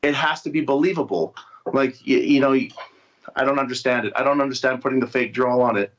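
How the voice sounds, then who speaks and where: This musician guest talks fast in a medium-pitched voice during a casual video-call interview. He rambles with many restarts and fillers, and the audio is dull and lo-fi.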